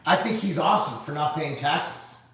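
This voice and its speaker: A man answers viewer comments on a casual livestream with blunt sarcasm and plenty of swearing. His voice sits fairly high. He is heard from some distance in a strongly echoing room. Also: expressive, normal speed, fairly bright tone. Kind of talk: casual live Q&A.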